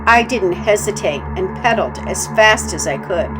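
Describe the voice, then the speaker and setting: A woman narrating a scripted true-life story in a calm, measured reading voice. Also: mid-range voice, over music.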